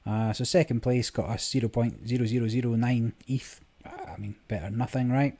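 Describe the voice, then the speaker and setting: A gaming vlogger with a warm, medium-pitched voice and some vocal fry talks briskly over game music. He rambles casually about his screen recording, using lots of fillers.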